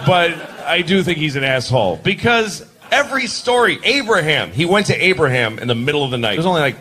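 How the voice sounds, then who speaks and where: A man in his forties performing a self-deprecating, deadpan stand-up comedy set on stage. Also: on the high side, fairly quick. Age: 40s. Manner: deadpan, self-deprecating, acts out bits in character voices. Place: comedy stage before a live audience. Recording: live set with loud crowd laughter.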